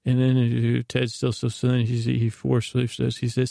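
A man's voice: medium pitch, completely flat delivery, a little fast, vocal fry, mellow, no echo, studio quality. A man hosting a sleep podcast, retelling a TV episode in a meandering bedtime ramble full of restarts and asides. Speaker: podcast host.

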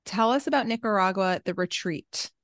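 A woman from New York co-hosting a casual podcast chat, calm and quick to laugh, wearing headphones with a mic. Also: medium pitch, no echo. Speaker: podcast co-host. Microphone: headphones and mic at home.

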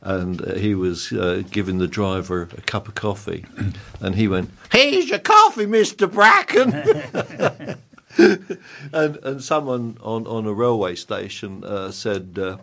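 An older man telling an anecdote in casual chat, hesitant with fillers but lively. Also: sits low, unhurried, gravelly. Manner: lively storyteller, hesitant with ums.

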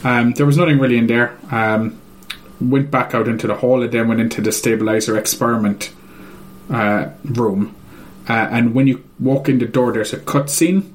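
A man's voice: mid-range voice, steady tone, moderate pace. A man in casual chat, retelling a video game's story in a hesitant, rambling way full of ums and uhs.

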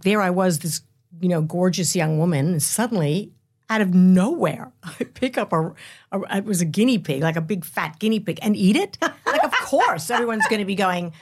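A woman's voice: mid-range voice, expressive, normal speed, a little mellow. A woman in her seventies, a guest in an interview, talking candidly in a rambling, storytelling way. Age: 70s. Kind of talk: casual interview.

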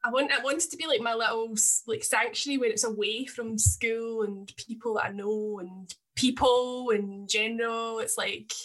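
High bright giggly woman. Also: fairly even intonation, normal speed, hardly any pauses. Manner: giggly, teasing. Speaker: podcast co-host. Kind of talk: casual chat.

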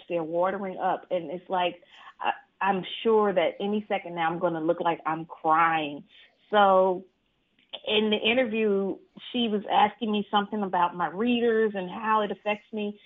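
Woman on a tinny remote call. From Mississippi, USA. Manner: animated, laughs often, acts out quotes in a higher voice. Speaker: author being interviewed. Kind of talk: casual storytelling interview. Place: at home. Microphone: video call. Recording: tinny video-call audio.

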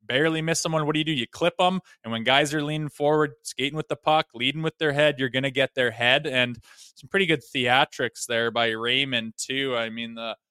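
A man's voice: medium pitch, fairly even intonation, a little fast, sharp tone, clean tone, no echo, studio quality. A man co-hosting a hockey podcast, breaking down hits in a blunt, folksy way. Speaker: co-host, former player. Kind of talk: casual sports talk.

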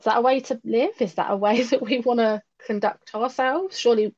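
A woman's voice: on the high side, fairly even intonation, brisk, a little mellow. Woman in her late thirties, lo-fi sound. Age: late 30s. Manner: reflective and frank, with self-mocking laughter. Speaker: podcast guest. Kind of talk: candid personal conversation.

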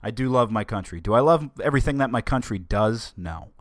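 A man's voice: medium pitch, expressive, a little fast, a little hiss or hum. An American man hosting a solo podcast in a casual, rambling way, often stumbling and restarting his sentences. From United States. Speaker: podcast host.

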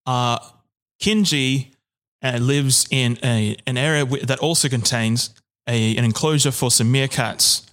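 A man co-hosting a podcast who tells stories in casual chat, rambling and self-deprecating and often restarting his sentences. His voice sits at a middling pitch. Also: a little slow, fairly bright tone. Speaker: podcast co-host.

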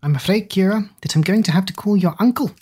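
A woman's voice: mid-range voice, fast talker, warm tone, slightly rough, pitched above the performer's own voice, lightly acted. A woman voicing a stern, bossy middle-aged headmistress, prim and commanding.

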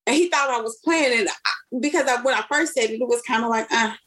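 Husky-voiced woman from Chicago, animated storyteller. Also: a little high, fairly quick. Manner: animated storyteller who acts out quoted speech. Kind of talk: casual chat.

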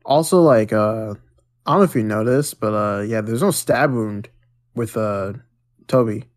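A man's voice: lowish voice, a little slow. A man co-hosting a casual podcast, laid-back, stammering at the start of thoughts and swearing casually. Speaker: podcast co-host. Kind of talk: casual movie review chat.

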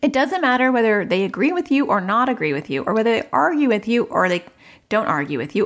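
Chatty woman podcast host giving parenting advice. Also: medium pitch. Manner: chatty, laughs at herself, acts out child voices.

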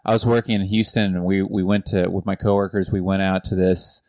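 A man's voice: low voice, flat delivery, a little fast, darkish tone, dry recording. A man co-hosting a casual podcast chat, dropping dry joking asides. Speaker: podcast co-host.

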